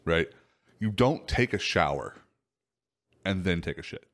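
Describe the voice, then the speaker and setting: Teasing low-voiced podcast co-host. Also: male voice, expressive, a little slow, fairly bright tone. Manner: teasing, steers the talk with probing questions. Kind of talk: casual chat.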